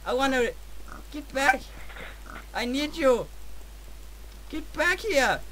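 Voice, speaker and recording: A man with a Danish accent, hosting a gameplay video with dramatic, excitable commentary and shouts. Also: very high-pitched, takes it slowly, poor audio. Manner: dramatic, yelps and shouts at the game.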